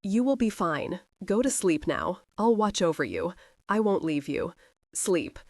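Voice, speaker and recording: A woman voicing a man who speaks slowly and soothingly to calm his frightened wife. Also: fairly low pitch, dry recording, clean studio sound. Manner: soothing, slow.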